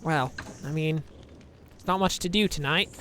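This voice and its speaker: A man's voice: fairly high pitch, moderate pace, a bit bright, a little hiss or hum. A man giving rambling, joking let's-play commentary, chatting to viewers with self-deprecating asides. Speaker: gameplay commentator.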